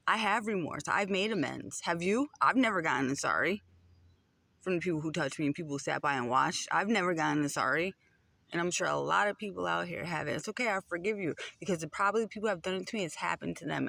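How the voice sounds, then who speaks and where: A man's voice: fairly high pitch, fairly quick, gravelly, bright, forceful tone, no echo. A man delivering a heated personal rant to the camera, repeating phrases for emphasis.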